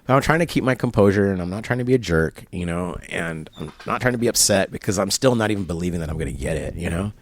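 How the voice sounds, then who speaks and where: Low-voiced man retelling a story animatedly. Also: quick pace, hardly any pauses, slight background noise. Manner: animated retelling with quoted dialogue and laughs. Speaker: interview guest. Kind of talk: storytelling in casual conversation. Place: barber shop.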